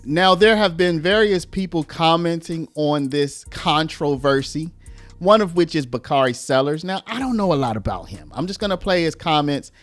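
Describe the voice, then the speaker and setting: A man with a fairly high, very animated voice hosts a casual commentary video. He talks straight to viewers, sometimes slipping into "y'all." The sound is close and dry, with faint music underneath. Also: moderate pace, no room sound. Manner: lively, conversational, uses "y'all", acts out quotes in raised voice.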